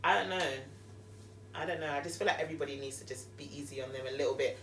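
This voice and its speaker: A woman's voice: low-pitched, fast talker, distant mic. A young woman with a London accent, a podcast guest chatting casually and telling stories emphatically. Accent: London English. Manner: animated, emphatic storyteller. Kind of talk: casual chat. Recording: roomy, off-mic.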